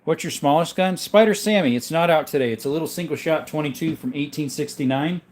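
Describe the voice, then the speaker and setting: A laid-back man hosts a livestream, reading out viewer names and answering in an easy, rambling way. His voice sits a bit high, and he is a little sick. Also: fairly quick, a little hiss or hum. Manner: easygoing, rambling, reads out chat names. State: sick, coughing. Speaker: livestream host showing his gun collection. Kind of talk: casual livestream chat reading comments.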